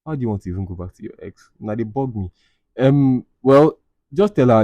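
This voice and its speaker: A man's voice: mid-range voice, lively intonation, a little fast, warm tone, no room sound, lo-fi sound. A man, hosting a podcast and reading confessions aloud in a casual, blunt, profane, teasing way. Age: 20s. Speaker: podcast host.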